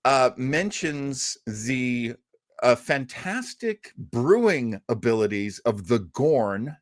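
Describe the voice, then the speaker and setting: A man's voice: medium pitch, very animated, takes it slowly, no echo, clean studio sound. A man co-hosting a casual review show, rambling and stumbling over his words with fan enthusiasm. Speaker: podcast co-host.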